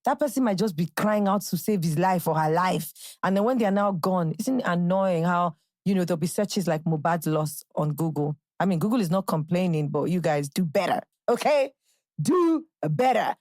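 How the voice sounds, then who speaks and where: A woman's voice: lowish voice, a little fast, a little mellow, no room sound. Chatty Nigerian woman podcast host. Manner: chatty, bubbly, jumps into playful quotes and impressions. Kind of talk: casual solo podcast chat.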